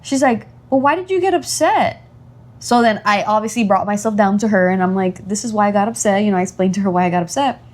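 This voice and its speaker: A woman's voice: fast talker, hardly any pauses. A woman co-hosting a casual podcast about motherhood and faith. She talks animatedly, with many fillers. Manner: animated, acts out her child's voice in high pitch. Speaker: podcast co-host. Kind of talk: casual chat.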